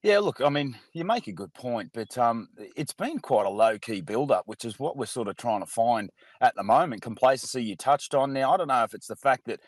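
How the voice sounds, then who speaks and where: An Australian man co-hosting morning sports radio, talking through the weekend's games at a steady mid pitch. He gives measured analysis and pauses often on "uh". The studio sound is dry and close. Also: no room sound. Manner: measured, filler-heavy analysis.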